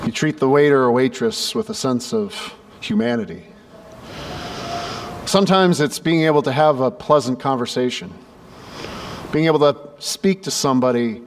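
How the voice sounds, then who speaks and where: High-voiced male pastor preaching. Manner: animated storyteller who acts out dialogue. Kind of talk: sermon. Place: church sanctuary. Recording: echoey church with faint background noise.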